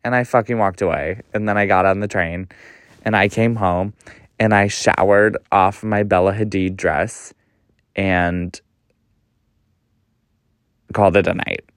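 A young man hosting a podcast, telling a story casually in an animated, gossipy way, swearing a lot and often jumping up in pitch. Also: measured pace, long pauses, clear, resonant tone, dry recording, clean studio sound. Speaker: podcast host.

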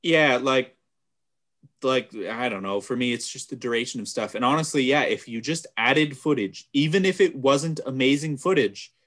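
A man in casual conversation about movies, recapping scenes with loud, animated exclamations and frequent laughter. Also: medium pitch, normal speed. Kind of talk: casual chat.

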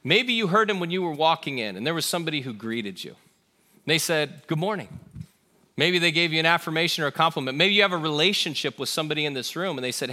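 Earnest bright-voiced male pastor preaching. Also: on the high side, expressive, quick pace. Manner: earnest, shifts between raised emphasis and soft hushed tones. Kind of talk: sermon.

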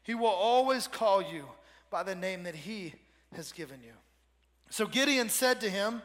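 Guy preaching in a big church, voice rings out w long reverb, high and bright, gets the crowd to repeat after him. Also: measured pace. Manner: energetic preaching, leads congregation in call-and-response. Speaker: pastor. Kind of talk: sermon.

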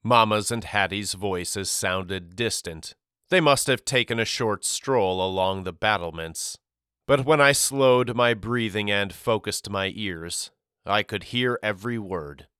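Crisp, bright-voiced male audiobook narrator. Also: lowish voice, slow pace, dry recording, clean studio sound. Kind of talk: scripted storybook narration.

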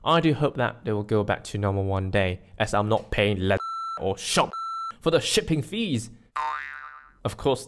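A man from Malaysia hosting a scripted solo podcast, joking at his own expense and drilling pronunciation. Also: fairly low pitch. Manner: playful, self-mocking, with pronunciation drills. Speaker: podcast host.

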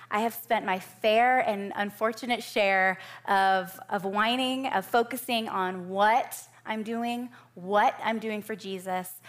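Woman giving a sermon, chatty and self-deprecating, mid-pitched voice. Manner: warm, conversational, self-deprecating with quick asides. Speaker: preacher.

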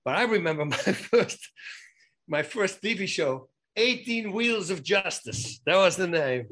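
A former fighter turned actor, interviewed as a guest, tells lively anecdotes casually in a high-pitched voice, a little slowly. He often restarts his sentences and adds emphatic asides.

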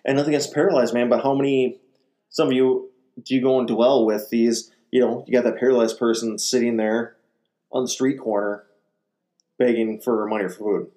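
Speaking briskly in a mid-range voice, a man gives a conversational sermon as a ministry speaker. He's animated, acting out quotes while retelling gospel stories in a casual style sprinkled with fillers.

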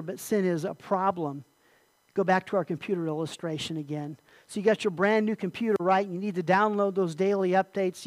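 A man's voice: high voice, dry recording, rough recording. Earnest preaching man, dry close sound. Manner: earnest preaching, repeats key phrases, clears throat. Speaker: pastor. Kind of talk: sermon.

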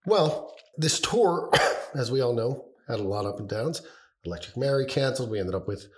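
A man co-hosting a podcast in casual chat, rambling and halting as he talks, with a cough that keeps breaking in. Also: mid-range voice, expressive, darkish tone. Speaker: podcast co-host.

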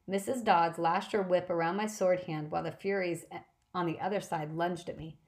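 A woman narrating a novel in a brisk, lively first-person audiobook reading. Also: lowish voice.

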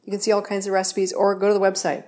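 A woman's voice: mid-range voice, completely flat delivery, racing, darkish tone. A woman hosting a home baking show, chatting in a rambling, self-correcting way as she demonstrates a recipe in her kitchen.

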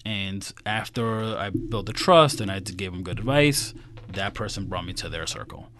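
A man's voice: deep voice, normal speed. A middle-aged man from Queens, a financial advisor telling stories in a casual interview and acting out the quotes. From Queens, New York. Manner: animated, acts out quotes.

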